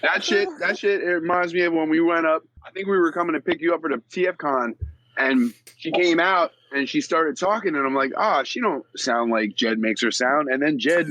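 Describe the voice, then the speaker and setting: A man's voice: on the high side, a little fast, fairly bright tone. A man co-hosting a casual podcast, swearing freely while telling stories. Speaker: podcast co-host. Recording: noisy recording.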